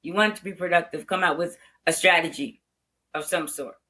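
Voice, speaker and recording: Blunt, bright-voiced older woman. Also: lowish voice, brisk. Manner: blunt, frank, laughs easily. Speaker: veteran educator, podcast guest. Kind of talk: candid interview talk.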